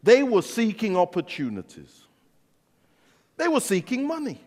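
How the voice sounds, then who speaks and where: A man with an English accent preaching a sermon as a pastor, telling stories in an animated way and acting out the dialogue. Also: sits high, unhurried. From England. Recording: long reverb of a large hall.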